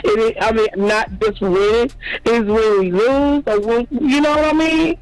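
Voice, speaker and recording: A man's voice: extremely high pitch, a little slow, no room sound, rough recording. A man hosting a sports channel, ranting and trash-talking as a fan, taunting and petty toward rival supporters.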